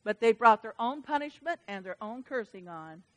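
A woman preaching a sermon to her church, reading scripture and surging from soft asides to loud, fervent exclamations. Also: on the high side, animated, moderate pace. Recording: long hall reverb.

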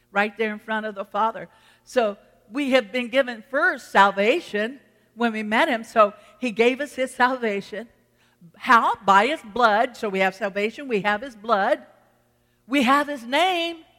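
A woman's voice: fairly high pitch, fairly bright tone. A woman preacher delivering a sermon, emphatic and repeating phrases for force. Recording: long hall reverb.

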